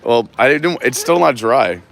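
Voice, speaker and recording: A man's voice: medium pitch, animated, measured pace, gravelly, fairly bright tone. A man hosting a live stream, chatting casually and greeting viewers while filming on a gimbal. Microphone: gimbal camera.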